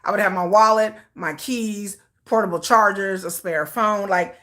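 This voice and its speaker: A K-pop livestream host from Detroit, United States chats casually from home, sitting at a computer with a ring light. Her voice is medium-pitched, steady, moderately paced, and fairly bright. She is chatty and sassy and laughs a lot.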